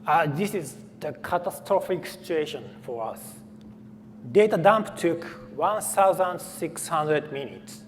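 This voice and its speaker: A man presents a technical talk at a conference. His voice sits slightly high, and he pauses often with fillers and restarts. The sound carries a faint reverb from the hall and light background noise. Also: animated. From Japan. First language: Japanese. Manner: halting, with frequent fillers and restarts. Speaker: conference speaker.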